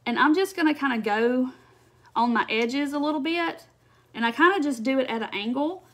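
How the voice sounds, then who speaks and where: Woman, craft livestream host; a little high, chatty and easygoing, laughs a lot, talks to viewers while working. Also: normal speed. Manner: chatty, answers viewer comments, laughs often. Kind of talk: casual live craft demonstration.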